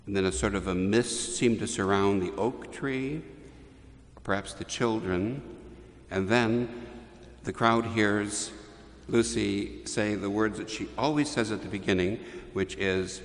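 A man preaching a homily, telling a story in a measured way with restarts and pauses. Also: low voice, fairly even intonation, in a large hall. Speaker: priest.

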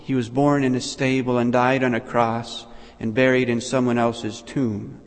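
Man preaching in a long-reverb hall. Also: mid-range voice. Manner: measured, reflective, with pauses between phrases. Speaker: priest. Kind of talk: sermon.

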